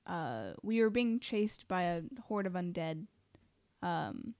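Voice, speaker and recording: A woman's voice: lowish voice, lively intonation, takes it slowly, long pauses, darkish tone, no room sound. A woman playing a tabletop game, chatting casually and laughing easily. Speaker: player.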